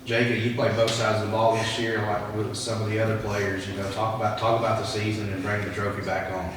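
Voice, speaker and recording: A man hosts a casual sports interview and leans on fillers as he talks. His voice sits a bit low. He is heard from a distance in a hall with a long echo. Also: little pitch movement. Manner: halting, many fillers. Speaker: sports show host. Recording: echoey hall, distant mic, noisy.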